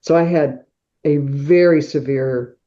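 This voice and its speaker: A woman's voice: sits low, fairly even intonation, slow pace, warm tone. A middle-aged woman telling a personal story as a podcast guest, acting out sounds like whooshes and claps as she goes. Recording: dull, muffled podcast audio.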